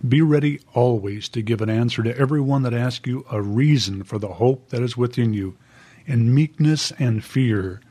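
A man hosting a casual podcast interview, asking questions and reading verses aloud slowly. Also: medium pitch, mellow, breathy edge. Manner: asks questions, reads scripture aloud slowly. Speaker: podcast host.

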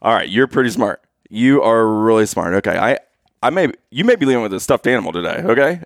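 A man's voice: fairly low pitch, lively intonation, fast, dry recording, studio quality. A man telling dad jokes to his wife and laughing at his own punchlines in a playful, casual way. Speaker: joke-telling husband. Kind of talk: casual dad-joke storytelling.

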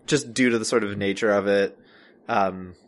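A man co-hosting a podcast in casual chat, hesitant with many fillers and restarts, with a dry, deadpan humor. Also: fairly low pitch, moderate pace. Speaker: podcast co-host.

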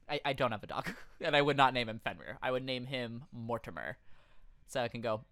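Male podcast co-host, lively pitch, cracks quick jokes between laughs. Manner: joking, quick asides, frequent laughter. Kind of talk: casual comedy chat.

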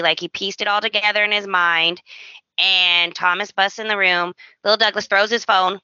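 Bright-voiced woman retelling soap scenes. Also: medium pitch, moderate pace, dry recording, highs cut off. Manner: relaxed storyteller, retells scenes with quoted dialogue. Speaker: podcast co-host. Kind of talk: casual chat recapping a soap opera.

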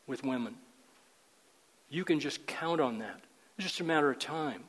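A man's voice: fairly high pitch, animated, moderate pace, pauses often, fairly bright tone, slightly rough, in a large hall, low-quality recording. An older man teaching a men's group in a sermon style, earnest and emphatic, often repeating words.

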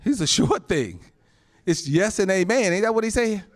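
Pastor guy preaching, lots of amens and little laughs, goes quiet then loud. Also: high-pitched, animated, moderate pace. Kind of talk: sermon.

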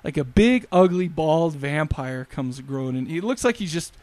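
A man hosting a podcast, chatting casually about a film, animated and joking with quick asides. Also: a little high, dry recording. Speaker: podcast host. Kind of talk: casual movie review chat.

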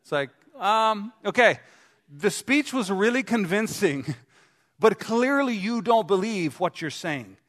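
A man's voice: high voice, animated, takes it slowly, fairly bright tone. A man preaching a sermon as pastor in a gym, talking conversationally and asking the congregation questions. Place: gym used as a church hall. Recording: long hall reverb.

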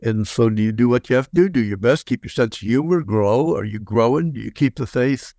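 An older man, a guest on an interview show, telling his story in a lively way with dry humor. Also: medium pitch, brisk, no echo. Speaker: guest, former prisoner of war and motivational speaker.

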